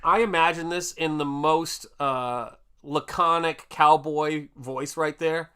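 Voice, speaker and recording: Bright-voiced american guy chatting on his painting stream, reads chat out loud, kinda high for a guy. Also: steady tone, takes it slowly, few pauses, clean tone. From United States. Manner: chatty, reads out viewer comments, exclamations and laughs. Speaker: artist hosting a livestream. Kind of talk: casual livestream chat while painting.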